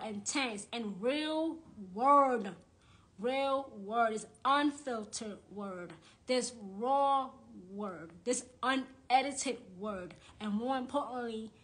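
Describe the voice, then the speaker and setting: A woman who calls herself a high priestess and witch rants angrily to followers on a live social media stream, recorded on a phone or camera. Her voice is high-pitched and fairly bright, and she's blunt, repetitive and profane.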